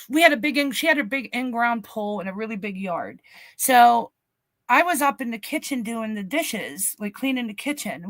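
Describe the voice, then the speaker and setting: A middle-aged woman co-hosting a podcast, telling a family story in an animated, swearing way and acting out the quotes. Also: on the high side, dry recording. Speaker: podcast co-host. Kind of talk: casual storytelling chat. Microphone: podcast mic, remote stream.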